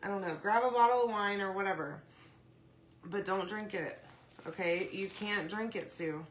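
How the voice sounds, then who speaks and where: A woman hosting a casual craft video, chatty and rambling, often saying "y'all" and "okay?", her throat dry and clearing often. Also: medium pitch, normal speed, slight background noise. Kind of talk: casual craft demo chat.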